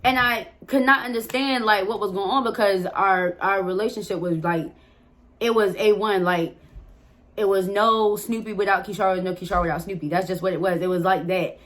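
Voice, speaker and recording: A woman telling a personal story straight to camera in a loose, conversational way. Her voice sits at an ordinary middle pitch. She is frank and casual, drops the odd curse word and keeps turning to her viewers. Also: moderate pace, a bit bright. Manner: candid, swears freely, addresses viewers as y'all. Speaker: storytime vlogger.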